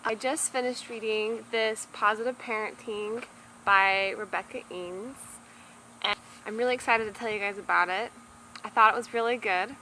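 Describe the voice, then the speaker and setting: Young mom vlogger, casual and chatty, loose filler-heavy delivery. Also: female voice, fairly high pitch, steady tone, moderate pace, bright, forceful tone, slight background noise, rough recording. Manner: talkative, many filler words and restarts. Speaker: parenting vlogger reviewing a book. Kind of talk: casual chatty book review to camera.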